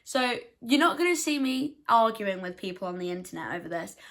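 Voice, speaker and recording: A young woman chatting to camera as a book vlogger. She talks in a self-deprecating way and fires off quick, defensive asides. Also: mid-range voice, animated, fairly bright tone. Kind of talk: casual chat to camera.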